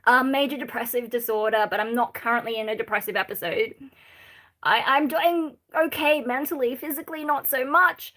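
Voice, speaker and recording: Higher-voiced Australian woman streamer. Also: normal speed, fairly bright tone. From Sydney, Australia. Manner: rambling, reads chat comments aloud and answers them. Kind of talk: casual live-stream chat.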